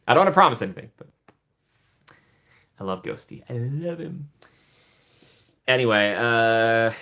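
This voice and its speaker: A young man livestreams casually from home, rambling to his viewers, laughing a lot and letting sentences trail off. His voice leans low, with a bright, forceful tone.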